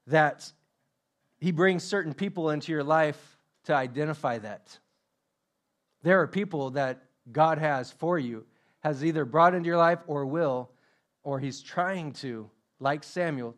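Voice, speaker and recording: Emphatic pastor with a higher voice. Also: male voice, a little slow. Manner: emphatic, repeats questions for emphasis; self-deprecating humor. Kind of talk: sermon.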